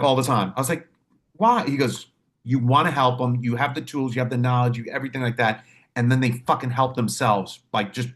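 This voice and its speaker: A medium-pitched man, a podcast host who works as a mental health clinician, chats casually on his show. He's an animated, profane storyteller who acts out quotes.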